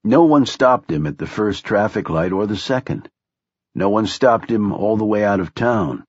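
A man narrating an audiobook in measured, even storytelling, close to the mic. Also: on the low side, dry recording, muffled recording. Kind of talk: scripted narration.

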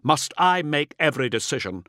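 A man's voice: mid-range voice, big pitch swings, slow pace, fairly bright tone, no room sound, clean studio sound, voice pushed up. A man voicing a commanding, impatient male space marine captain with a clipped, imperious manner. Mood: curt commands.

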